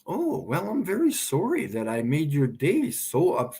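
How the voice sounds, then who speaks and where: A man's voice: a little high, huge pitch swings, moderate pace, darkish tone. A man hosting a livestream, ranting sarcastically and with exasperation as he answers viewers' comments. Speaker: livestream host. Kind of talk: ranting live stream commentary.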